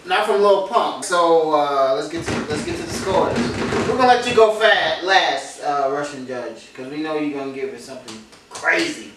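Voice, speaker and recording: A man's voice: fairly high pitch, moderate pace, hardly any pauses. A man hosting a casual album review chat, teasing and laid-back. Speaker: host. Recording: echoey room, far from mic, faint noise.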